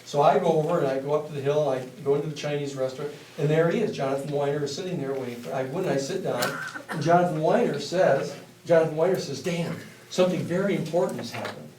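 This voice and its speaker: Man, university lecturer, blunt, profane, animated storytelling, distant mic, echoey room, faint background hiss. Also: on the high side, quick pace. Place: university classroom.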